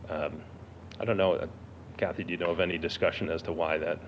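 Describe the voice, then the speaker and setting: A man's voice: deep voice, steady tone, quick pace. A man presenting to a school board, answering questions hesitantly with many fillers. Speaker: district finance staff presenter. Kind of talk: answering questions at a public meeting. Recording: dull lo-fi meeting audio with faint noise.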